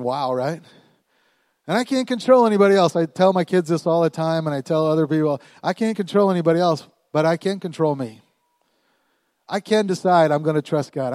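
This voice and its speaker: Animated pastor preaching a sermon. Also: male voice, a little high, dry recording. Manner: animated, call-and-response with congregation; emphatic, swings from quiet to loud. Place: church.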